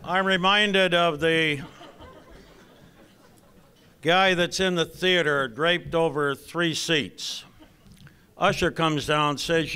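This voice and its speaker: An older man, a retired basketball coach, giving an induction speech full of dry, deadpan jokes. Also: fairly high pitch, slow pace, pauses often, clean tone. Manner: dry, deadpan joke telling. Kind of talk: after-dinner speech with jokes.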